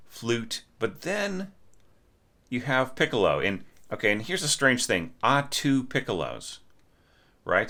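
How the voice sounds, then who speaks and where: Brief: middle-aged male orchestration teacher, deep and bright voice, hums passages while critiquing. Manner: sings phrases to illustrate, thinks aloud with restarts. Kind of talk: spoken critique of a score.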